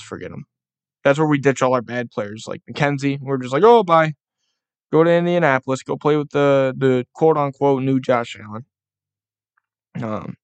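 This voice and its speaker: A man's voice: medium pitch, dry recording. Profane, frustrated man ranting about football. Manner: profane, frustrated ranting, mocking baby talk in bursts. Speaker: podcast host. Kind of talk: casual sports podcast rant.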